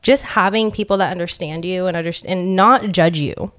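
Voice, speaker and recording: A woman's voice: fairly low pitch, moderate pace, fairly bright tone. A young adult woman chatting openly on a podcast and laughing often. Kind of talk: casual podcast chat.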